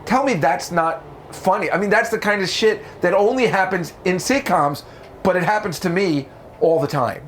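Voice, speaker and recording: A man from the United States, a comedian telling stories in a casual interview, animated and profane. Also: moderate pace, slight background noise. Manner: animated, profane, jumps into high voices for quotes. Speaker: comedian guest.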